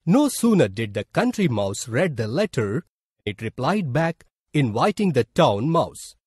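Slow Indian-English male storyteller. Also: mid-range voice, sing-song, a little mellow, breathy edge, no room sound, clean studio sound. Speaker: narrator. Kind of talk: scripted storybook narration for a school lesson.

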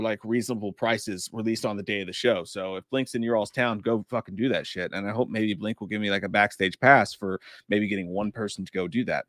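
A man's voice: lowish voice, a bit bright, no room sound, studio quality. A man in his thirties or forties chatting loosely on a live stream, joking and swearing as he reads out viewer messages. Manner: profane, rambling, jokey. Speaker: podcast co-host reading live chat. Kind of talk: casual live-stream chat.

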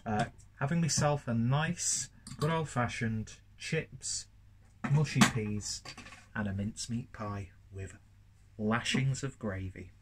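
A man's voice: mid-range voice, takes it slowly, heavy background noise. A man from northern England with a well-spoken southern English accent, reviewing a beer at home in a chatty, rambling, self-deprecating way. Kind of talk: casual review vlog. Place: home, while cooking.

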